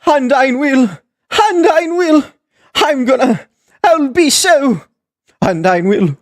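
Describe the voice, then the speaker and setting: A woman voicing a loud, pompous, excitable male skeleton with flamboyant, theatrical delivery. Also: sits high, slow pace. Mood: excited. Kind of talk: voice acting audition takes.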